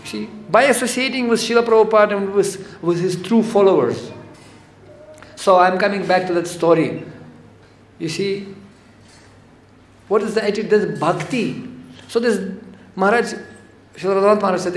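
High-voiced man giving a devotional lecture. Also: moderate pace, long pauses. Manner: conversational, animated, acts out quotes. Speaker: spiritual lecturer. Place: temple hall. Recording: echoey hall with faint noise.

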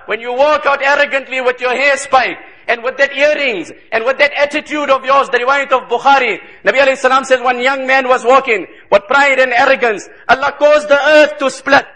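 A man's voice: very high voice, pushed and bright, low-quality recording. A man preaching a sermon with impassioned urgency, reciting Arabic and retelling a story to young people.

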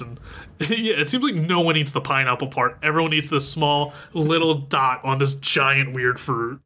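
A podcast host man recapping an anime in casual chat, laughing often. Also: medium pitch. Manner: laughing often, animated retelling.

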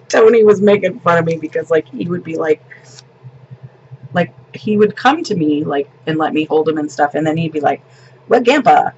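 A woman's voice: deep voice, moderate pace, darkish tone, muffled recording, a little hiss or hum. A woman in her fifties, a grandmother and vlogger, telling a family story in casual, rambling chat.

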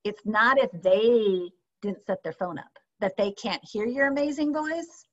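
A woman teaching a sales training session, lively and often checking in with her audience with questions. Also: medium pitch, unhurried. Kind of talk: training session on a video call. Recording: slightly dull lo-fi sound.

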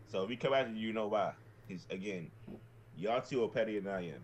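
A man with a low voice fires off quick, swaggering trash talk at the other players. His slangy banter runs fast and confident. A faint hiss sits under his voice. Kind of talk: trash-talking game banter.

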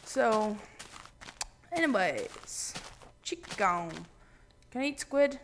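A man hosting his own gaming channel, giving casual let's-play commentary with random, jokey, excitable banter. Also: very high-pitched, very slow, slight background noise.

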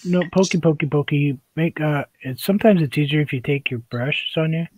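A man's voice: fairly high pitch, fairly quick, a little mellow, highs cut off, slight background noise. A man casually demonstrating a painting, chatty and joking as he works. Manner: chatty, joking, laughs often. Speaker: painting instructor. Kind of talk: casual painting demo chat.

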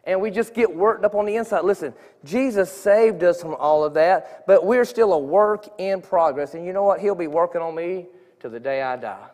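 A man's voice: high voice, normal speed, darkish tone. Earnest man testifying in church. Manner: earnest, conversational, frequent restarts. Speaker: church speaker giving testimony. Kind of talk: informal sermon testimony. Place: church sanctuary. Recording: long reverb of a church hall.

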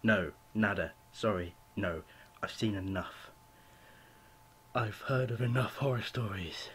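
A man's voice: lowish voice, a little slow, a bit bright, slightly rough. A young man rambling through a home video rant, apologizing often and leaning on "you know" fillers. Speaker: vlogger. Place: home room with a cat.

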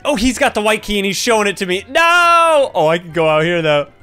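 A man giving excited Let's Play commentary, yelping and laughing as he talks to his viewers. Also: high-pitched, a little fast, smooth, soft background music. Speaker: gaming YouTuber.

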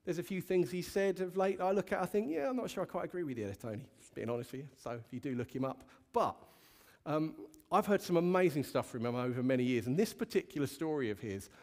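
A male pastor preaches to his congregation in a relaxed, candid and conversational way. His voice sits a touch high for a man, and he keeps the talk loose and storytelling in tone. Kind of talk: sermon. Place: church hall with a congregation.

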